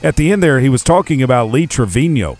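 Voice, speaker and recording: A man's voice: mid-range voice, very animated, quick pace, darkish tone. Man reading sponsor spots over music. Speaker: podcast host. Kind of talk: read sponsor spots and outro.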